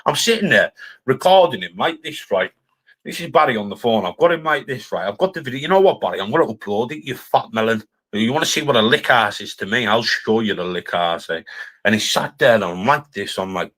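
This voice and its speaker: A man's voice: lowish voice, expressive, brisk, sharp tone. A man with a Cumbrian accent ranting on a live stream, swearing constantly and hurling mocking insults at other streamers. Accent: Cumbrian English. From Cumbria, England. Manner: angry, profane, insulting; mocking, jeering.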